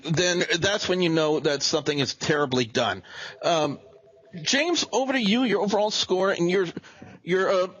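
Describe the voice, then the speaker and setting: A man's voice: a little high, a bit bright, low-quality recording. A man hosting a casual wrestling review chat, rambling and often restarting his sentences. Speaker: show host.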